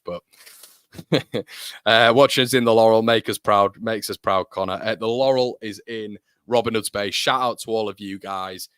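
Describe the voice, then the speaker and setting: A British man in his thirties talks in a loose, rambling way, answering viewers as a match plays along. His voice sits very low, and the sound is close and dry with no room to it. He laughs often between thoughts. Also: moderate pace, fairly bright tone, clear, resonant tone, no room sound. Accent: British English. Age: 30s. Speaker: football fan channel host. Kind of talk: casual live match watchalong chat.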